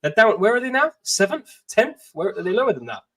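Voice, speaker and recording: A fast-talking man, hosting a casual football chat on his channel. His voice sits a little high and comes in quick, animated bursts. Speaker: channel host.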